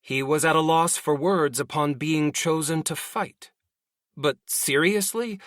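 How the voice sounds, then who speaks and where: A man reading a light novel aloud in first person, slow and deliberate. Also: on the high side, a bit bright, no room sound, studio quality. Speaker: audiobook narrator.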